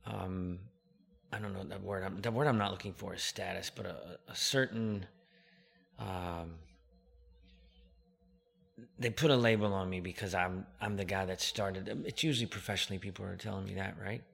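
Pria 50-an bersuara cerah dan tajam. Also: male voice, deep voice, steady tone, moderate pace, gravelly, a bit bright, breathy edge. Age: 50s. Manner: humble, rambling, many fillers. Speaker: podcast guest, company founder. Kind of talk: casual interview chat.

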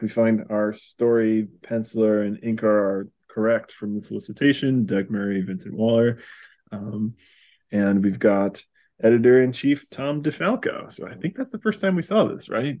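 A man's voice: fairly low pitch, normal speed, a little mellow. Chuckling man recapping a comic. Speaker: podcast host. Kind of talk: casual chat.

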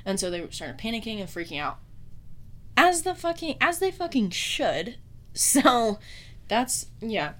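A woman's voice: a little high, very animated, unhurried, a bit bright. A woman hosting a casual true-crime podcast, swearing constantly and mocking the killer with frequent laughter. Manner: profane, mocking, laughs often. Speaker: podcast host.

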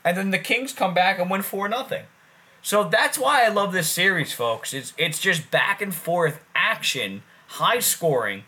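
A man's voice: high-pitched, animated, unhurried, pushed and bright. A man co-hosting a casual sports podcast, talking loosely, swearing and repeating himself. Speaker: podcast co-host.

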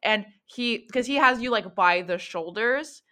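Bright-voiced woman narrating a game. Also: a little high, animated, measured pace. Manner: casual, filler-heavy storytelling. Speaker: game master. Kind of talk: narrating a tabletop horror game.

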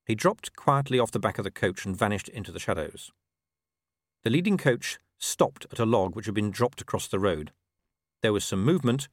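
A man narrating an audiobook in an expressive, wry storytelling manner. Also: lowish voice, no echo, clean studio sound. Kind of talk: scripted narration.

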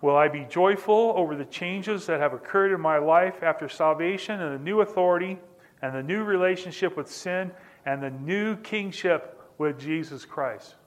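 A man's voice: high voice, normal speed. A male pastor preaching, telling a personal story in a conversational way and repeating phrases for emphasis. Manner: repetitive, building emphasis through restated phrases; conversational, addresses listeners directly.

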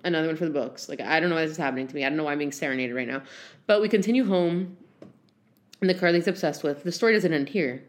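A woman's voice: deep voice, rapid-fire. Chatty young woman telling a dating story. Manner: animated, self-deprecating, lots of "like" and "um". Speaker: podcast host. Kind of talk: casual storytelling monologue. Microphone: handheld phone.

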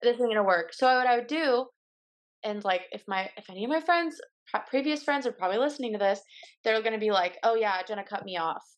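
A woman's voice: a little high, animated, a little fast. Blunt young woman in casual chat. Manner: blunt and candid, acts out quoted lines in her own voice. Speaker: podcast guest.

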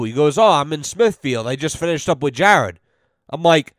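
A man telling a story on his podcast in a profane, animated way, acting out both sides of conversations. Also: a little high, moderate pace, no room sound, studio quality. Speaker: podcast host. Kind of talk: casual storytelling monologue.

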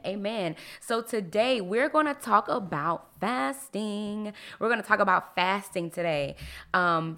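A woman hosting a casual faith podcast, lively and expressive, her voice swinging up and down as she talks and laughs. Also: mid-range voice. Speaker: podcast host.

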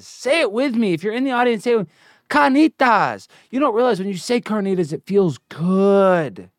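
A man's voice: fairly high pitch, sing-song, normal speed, no echo. Brash man on a dry, swaggering comedy rant. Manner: brash, swaggering, lapses into sing-song chanting and shouting. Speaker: comedy show host.

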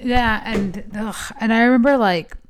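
Young female co-host, casual chat, animated storyteller, cusses a lot. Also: fairly high pitch, unhurried, a little hiss or hum. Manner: animated storytelling, frequent swearing and "like". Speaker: podcast co-host.

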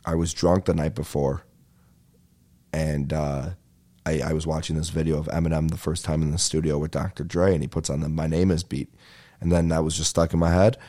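A young man hosting a comedy podcast, telling rambling, animated stories with a lot of swearing. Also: rumbling low, a little fast. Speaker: podcast host. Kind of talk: comedic rant.

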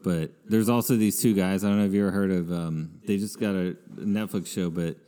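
Low-voiced man in an echoing room. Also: fairly even intonation, fairly quick, mellow, smooth. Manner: rambling, lots of fillers. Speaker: podcast host. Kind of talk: casual chat.

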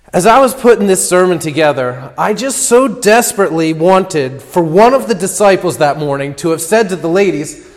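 A man delivering a sermon in a church, his voice on the higher side of average for a man. He reads scripture in a low, hushed tone and preaches with rising, fervent emphasis. A long reverb trails each phrase, as in a large hall. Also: lively intonation, moderate pace. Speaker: guest preacher.

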